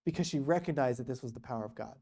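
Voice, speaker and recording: A man with a mellow, warm voice tells mission stories at a church gathering. He talks casually and restarts his sentences often. The delivery is relaxed and conversational. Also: mid-range voice, very fast, husky. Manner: casual, animated storytelling with many restarts. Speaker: guest speaker on mission work. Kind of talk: storytelling church talk.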